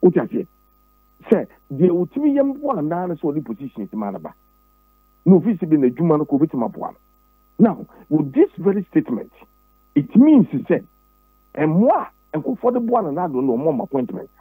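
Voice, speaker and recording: This husky-voiced Ghanaian man, a pastor who once ran for president, is an interview guest discussing politics in Twi and English. His delivery is sing-song, emphatic and preachy, a little fast, full of repeated words and sudden high pitch jumps. There's no echo, just a dry, thin, phone-like sound.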